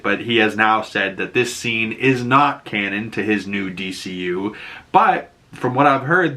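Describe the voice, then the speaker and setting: Bright-voiced man recapping casually. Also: fairly low pitch. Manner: rambling, loose, peppered with likes and swearing. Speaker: show recap host.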